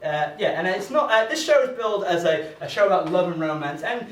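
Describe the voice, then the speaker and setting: High-voiced comic rambling on stage. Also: male voice, expressive. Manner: halting, rambling delivery full of uhs and restarts. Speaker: stand-up comedian. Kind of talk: stand-up comedy set. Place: comedy venue stage. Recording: echoey room from a distance.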